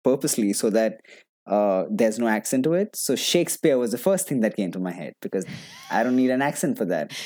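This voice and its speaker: An actor appears as a guest in a casual conversation, his fairly low voice brisk, darkish in tone, and lively in intonation. He talks animatedly, laughs a lot, and keeps restarting his sentences.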